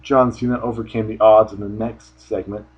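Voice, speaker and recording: A man with a husky, slightly low voice talks through his opinions in a loose, offhand way, often restarting sentences. The sound is dull and lo-fi, like a home recording. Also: flat delivery, moderate pace. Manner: rambling, offhand, frequent restarts. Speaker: wrestling show reviewer. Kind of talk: casual solo review commentary.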